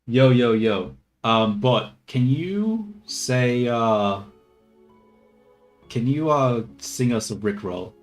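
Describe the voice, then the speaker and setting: A man's voice: mid-range voice, animated, slow, faint music behind. A man in casual chat, testing AI voices, rambling and swearing.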